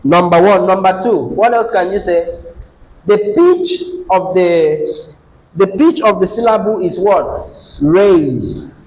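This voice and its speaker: A man's voice: sits high, takes it slowly, a little mellow, low-quality recording. A man teaching an English lesson, asking the class questions and repeating key phrases.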